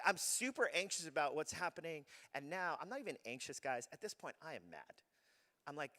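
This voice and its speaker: A man in his thirties preaching a sermon, telling a personal story with animated energy and acting out his own shouting. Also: a little high, brisk. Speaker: pastor. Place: church hall. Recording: long hall reverb.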